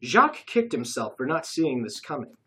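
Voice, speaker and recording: A narrator reading a comic caper story aloud, expressive and lively. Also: medium pitch, moderate pace, husky, low-quality recording.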